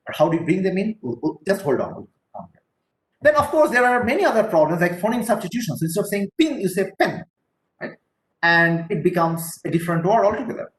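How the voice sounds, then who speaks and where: A man's voice: sits high, big pitch swings, fast talker. A middle-aged man with an Indian English accent giving a technical lecture, explaining step by step and checking in often with "right?". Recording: roomy echo with faint ambience.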